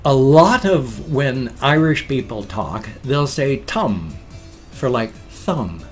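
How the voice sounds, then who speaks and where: Man, 50s, vlogger; meandering, self-interrupting chat, average pitch, faint music under him. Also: animated, slow pace. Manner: chatty, self-interrupting, musing. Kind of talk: casual rambling vlog.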